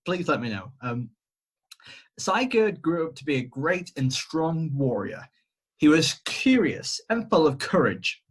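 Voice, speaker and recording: Husky man telling a myth casually. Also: on the high side, fairly bright tone. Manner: rambling, hesitant, self-mocking jokes. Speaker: podcast co-host retelling a myth. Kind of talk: casual storytelling chat. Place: home, remote call. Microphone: video call.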